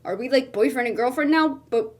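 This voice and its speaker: A woman streamer giving casual reaction commentary as she reads posts aloud, animated and incredulous, laughing often. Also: high voice, fairly quick. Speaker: streamer and content creator.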